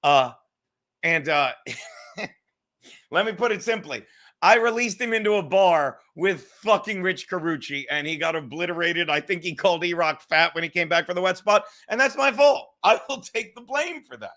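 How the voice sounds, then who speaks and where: A man hosting his own podcast, ranting in a heated, profane monologue with quick laughs. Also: high voice, expressive, bright, forceful tone. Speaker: podcast host.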